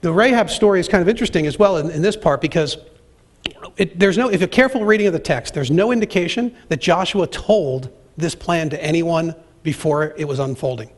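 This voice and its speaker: A man's voice: fairly high pitch, brisk. A man preaching a sermon and reading scripture aloud, with dramatic pacing and emphatic, acted-out quotes. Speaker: pastor.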